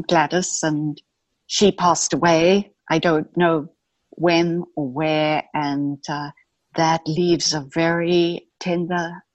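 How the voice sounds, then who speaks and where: A woman, slowly explaining and carefully pronouncing words and names. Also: on the low side, no echo. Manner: slow, deliberate, pronouncing each word carefully. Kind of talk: glossary of South African words and pronunciations.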